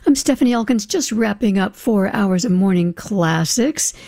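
A woman hosting a classical music radio show, calmly back-announcing pieces in a studio. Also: mid-range voice, moderate pace, vocal fry, dry recording.

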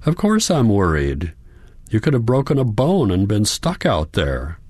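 A man's voice: fairly low pitch, wildly swooping pitch, unhurried, a little mellow, no echo, studio quality, voice pushed up, heavily acted. A man voicing a worried young woman, a caring granddaughter, speaking earnestly and pleadingly in an audiobook.

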